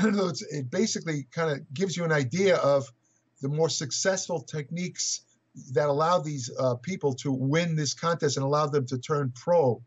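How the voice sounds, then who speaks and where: With a fairly high, breathy voice at a moderate pace, an older fitness writer wanders through stories as an interview guest, hesitating, restarting often and chuckling. It's casual interview storytelling captured in muffled, lo-fi audio.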